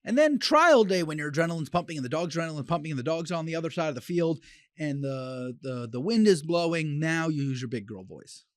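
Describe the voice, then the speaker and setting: A man's voice: fairly high pitch, expressive, no room sound. Blunt, opinionated man in a dry room. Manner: blunt, opinionated, talks in quick bursts with restarts. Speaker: dog trainer and podcast host. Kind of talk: solo podcast talk.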